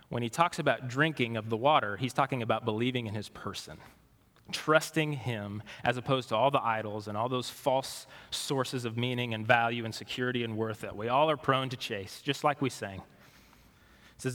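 Pastor preaching in a reverberant hall. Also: male voice, mid-range voice, moderate pace. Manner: conversational, asks the congregation questions, shifts between animated and hushed. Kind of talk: sermon.

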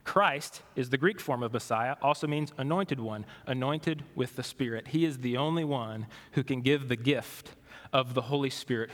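A man preaching a sermon as pastor, conversational and questioning, moving between animated and hushed delivery. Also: medium pitch, in a large hall.

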